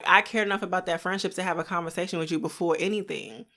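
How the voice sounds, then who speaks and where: A soft-spoken woman, chatting casually as a podcast co-host and laughing often. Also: lowish voice, fairly even intonation, fast. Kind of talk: casual chat.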